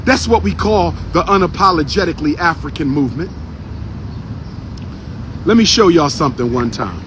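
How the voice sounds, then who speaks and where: A man with a high voice delivers a fiery street speech to a gathered crowd. He drives each point home by repeating it, rising and falling like a preacher. Faint traffic hums behind him outdoors. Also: lively intonation, moderate pace. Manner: repeats lines for emphasis, preacher-like cadence. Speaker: street speaker. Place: outdoors on a city street by a historical marker.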